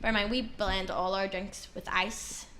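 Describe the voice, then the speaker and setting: A woman telling an anecdote in casual chat, animated and acting out quotes. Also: medium pitch, moderate pace, noisy background. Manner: animated, laughing, acts out quotes. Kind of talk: casual storytelling.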